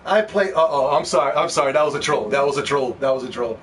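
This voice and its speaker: A man's voice: fairly high pitch, fast, a bit bright. A man ranting in a heated, profane, mocking way in vlog commentary about video games. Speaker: gaming commentator. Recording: distant mic with faint background noise.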